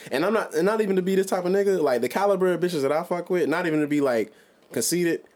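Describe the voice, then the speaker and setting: A man's voice: high voice, fast. A man in his twenties, a podcast co-host, telling a story in casual chat, swearing freely and laughing as he goes. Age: 20s. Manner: animated, profane, laughs through his own story.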